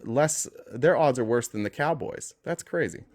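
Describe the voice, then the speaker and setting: A man's voice: medium pitch, expressive, moderate pace, darkish tone. A man hosting a call-in talk show, chatting casually with callers, teasing them and laughing often. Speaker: podcast host taking callers. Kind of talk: casual chat.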